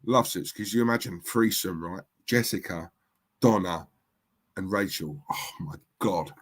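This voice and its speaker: A man's voice: sits low, a little slow. Chatty man hosting a livestream. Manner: chatty, rambling, repeats himself. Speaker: livestream host. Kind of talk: casual live-stream chat, reading viewer comments.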